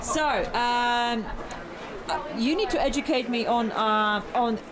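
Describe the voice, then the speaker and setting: A woman travel vlogger chats and asks questions with bright enthusiasm, her voice sitting a little high. The audio is from an outdoor camera, with steady noise running behind her. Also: a crowd in the background. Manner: enthusiastic, quick to laugh. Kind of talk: casual interviewing chat.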